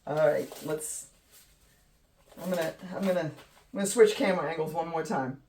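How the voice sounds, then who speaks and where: Lady art vlogger raving over her painting, lowish voice, mic kinda far away. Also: normal speed, a little hiss or hum. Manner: gushing, excitable, trails off mid-sentence. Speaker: art channel host. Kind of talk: casual painting tutorial chat. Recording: voice a bit distant from the mic.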